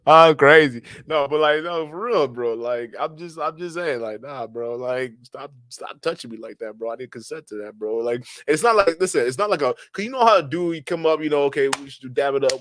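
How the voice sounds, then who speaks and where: A man's voice: a little high, fairly bright tone, no room sound, clean studio sound. A man chatting casually on a stream, reading viewer comments and answering with loose slang, laughter and frequent restarts. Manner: slangy, laughing, repeats himself.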